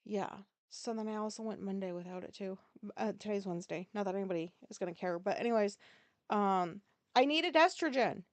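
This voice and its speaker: A woman's voice: mid-range voice, a little fast, no room sound. A woman hosting a podcast, telling a story in a casual, rambling way, swearing freely and correcting herself as she goes. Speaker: podcast host.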